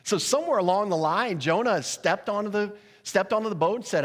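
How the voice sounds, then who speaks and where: A man preaching a sermon as pastor, lively and conversational, briefly acting out the voices of the characters in his story. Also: high voice, fairly quick. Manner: animated, acts out the sailors' voices with laughs. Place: church sanctuary. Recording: long hall reverb.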